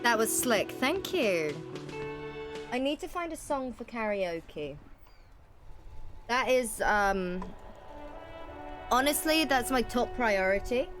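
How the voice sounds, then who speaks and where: Slow, playful woman streamer. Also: a little high, big pitch swings, music in the background. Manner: playful, rambling. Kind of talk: casual game commentary.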